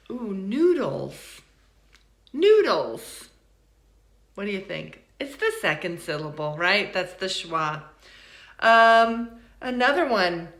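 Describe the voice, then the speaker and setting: A woman teaches pronunciation slowly and deliberately, saying each example word carefully and then again. Her voice sits a little high. The room around her gives an echoey ring. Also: pushed and bright. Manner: slow, deliberate, repeats model words for learners. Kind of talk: recorded online lesson.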